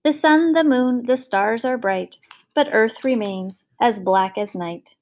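Narrator does an enchanted harp singing a bitter little rhyme, lightly raised and sung. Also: female voice, on the high side, slow pace, a little mellow. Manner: rhyming, singing.

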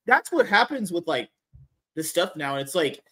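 A man's voice: sits high, very animated, normal speed, fairly bright tone. Blunt, crude man hosting a podcast. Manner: blunt, crude, sarcastic, swears often. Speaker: podcast host. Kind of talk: casual podcast chat.

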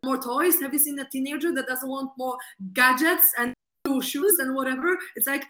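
Enthusiastic higher-voiced woman in echoey room. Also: steady tone, moderate pace, pushed and bright. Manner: enthusiastic, searching for words. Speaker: podcast host. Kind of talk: casual podcast conversation.

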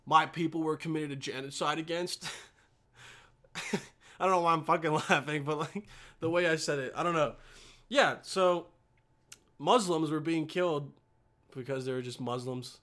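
A man's voice: on the high side, normal speed, long pauses, a bit bright. Rambling, swearing American guy. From United States. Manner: rambling, profane, chuckles often. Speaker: podcast host. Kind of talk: casual monologue.

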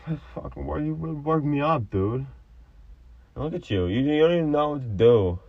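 A young man filming a vlog inside a car, bickering with a friend, cursing freely and breaking into loud yelps. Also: animated, moderate pace, creaky, no room sound, lo-fi sound. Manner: swears a lot, erupts into loud yelps and squeaky outbursts. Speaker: vlogger. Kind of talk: casual bickering.

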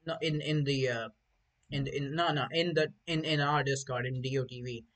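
A man's voice: medium pitch, fairly even intonation, moderate pace, a bit bright, rough recording. A man hosting a podcast, telling rambling stories in casual chat with lots of swearing and stumbling restarts. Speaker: podcast host.

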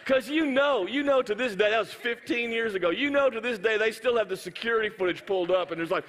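A male pastor, preaching with animated storytelling and playful sound effects. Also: sits high, normal speed, a little hiss or hum. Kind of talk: sermon. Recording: hall reverb.

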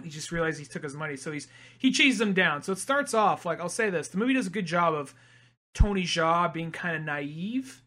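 Young guy cohosting a podcast, kinda high pitched, just rambling thru a movie plot. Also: animated, a little fast, sharp tone. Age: young adult. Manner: rambling movie recap acting out lines. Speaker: podcast co-host. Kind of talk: casual chat.

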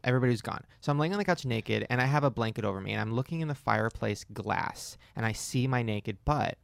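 A young man co-hosting a casual podcast, joking and teasing with loud bursts of laughter. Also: medium pitch, fast, vocal fry, no echo. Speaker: podcast co-host.

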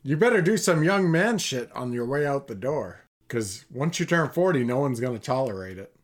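A man's voice: medium pitch, animated, moderate pace. A man co-hosting a podcast, teasing his friend in casual chat. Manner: teasing, jokey. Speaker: podcast co-host.

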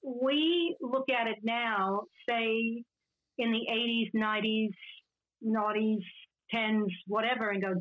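A woman in casual conversation who talks in a lively way with exasperated asides. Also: on the high side, takes it slowly. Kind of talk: casual chat about classic TV. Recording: dull lo-fi audio.

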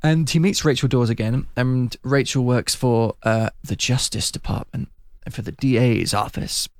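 A man recapping a film in casual chat, talking fast and laughing a lot. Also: mid-range voice, vocal fry, no room sound, studio quality. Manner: chatty, laughing, puts on voices when quoting.

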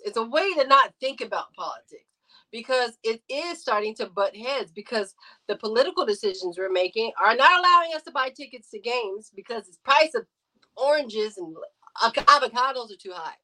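Bright-voiced animated woman. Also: a little high, rough recording. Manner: animated, emphatic storytelling with loud outbursts. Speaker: podcast guest, radio show host. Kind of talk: casual debate chat.

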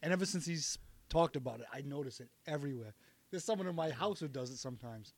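A man co-hosting a podcast in casual chat, joking and quick to laugh. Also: medium pitch, animated, dry recording. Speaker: podcast co-host.

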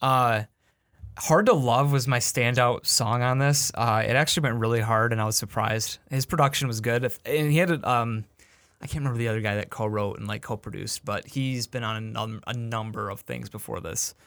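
A man's voice: medium pitch, fairly even intonation, a little fast, fairly bright tone. A man co-hosting a casual music review podcast, hesitant and full of fillers, with laughing asides. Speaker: podcast co-host reviewing albums. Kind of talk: casual chat.

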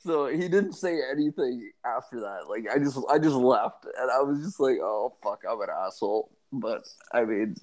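A man's voice: mid-range voice, animated, normal speed, hardly any pauses, a little mellow. Male podcast co-host, casual filler-heavy storyteller.

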